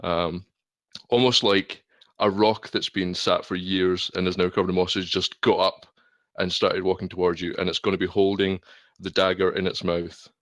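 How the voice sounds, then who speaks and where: A man playing in a tabletop game, describing the scene slowly and vividly. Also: sits low, flat delivery, a bit bright, dry recording. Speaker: player.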